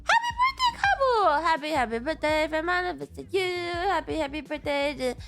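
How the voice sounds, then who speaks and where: A woman's voice: high voice, fairly quick, a bit bright, soft background music. A young woman streamer, freshly woken and sleepy, chatting casually with viewers, giggling and swearing. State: sleepy, just woke up. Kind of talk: casual livestream chat.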